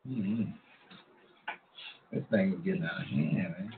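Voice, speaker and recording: A man talks at an unhurried, drawling pace in a relaxed, slangy way, like a host rapping with his listeners. His voice sits a bit low. It comes through a thin, phone-like line with room echo and faint background ambience. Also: slight background noise. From Long Island, New York. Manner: laid-back, drawling, slangy. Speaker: show host. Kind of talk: casual street talk monologue. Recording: echoey room over a tinny phone-like line.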